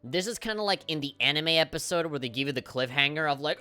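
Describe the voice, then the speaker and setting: A man streaming a game live, reacting in an excitable, profane way and reading the on-screen dialogue aloud. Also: fairly high pitch, quick pace, clean tone, soft background music. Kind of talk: casual live gameplay commentary.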